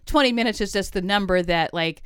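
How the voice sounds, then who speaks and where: A woman's voice: medium pitch, a little fast, smooth, no room sound, clean studio sound. A woman co-hosting a podcast, chatting frankly about commercials and often correcting herself mid-sentence. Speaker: podcast co-host. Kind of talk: casual chat reviewing ads.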